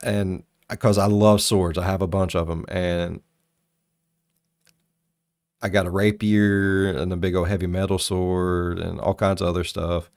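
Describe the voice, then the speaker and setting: A man with a notably deep voice talks casually to his audience, drifting into long, profanity-laced stories. He sounds close and dry, with no room sound around him. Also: measured pace, no echo. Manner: profane, rambling and animated. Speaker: reaction video host. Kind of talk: casual storytelling commentary.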